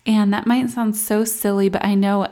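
A woman's voice: mid-range voice, flat delivery, normal speed. A woman in her thirties, a new mom, talking candidly and reflectively in a casual vlog, at times near tears. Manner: candid, reflective, soft baby talk asides.

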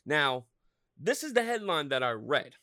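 Guy from pennsylvania ranting on his podcast, swears nonstop, pitch jumps all over. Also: big pitch swings, unhurried, sharp tone, no echo, studio quality. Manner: profane, heated ranting with lots of swearing. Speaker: podcast host. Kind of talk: solo podcast rant.

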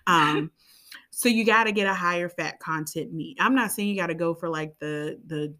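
A woman co-hosts a podcast, chatting casually and rambling into side tangents and playful asides. Her voice is on the low side and sharp in tone, at normal speed.

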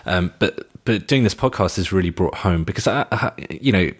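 A man of Indian background co-hosting a podcast, talking thoughtfully and often pausing to find his words. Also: sits low, animated, breathy edge. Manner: thoughtful, searching for words, restarts. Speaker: podcast co-host. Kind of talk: casual music discussion.

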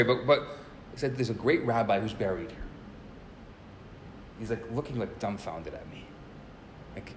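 A man teaching and telling a story in a casual way, animated, often repeating words as he starts a sentence. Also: mid-range voice, normal speed, pauses often, echoey room, background noise.

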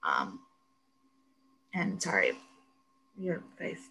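A young woman co-hosting a podcast, retelling a TV episode in casual, animated chat with plenty of swearing. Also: very deep voice, extremely slow, creaky, a little hiss or hum, poor audio. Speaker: podcast co-host.

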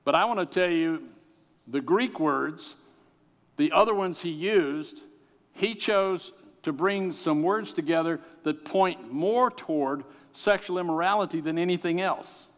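Earnest preacher in a reverberant hall. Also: male voice, on the high side, a little slow. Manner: earnest preaching, drops to soft pleading tones. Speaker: pastor. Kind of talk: sermon.

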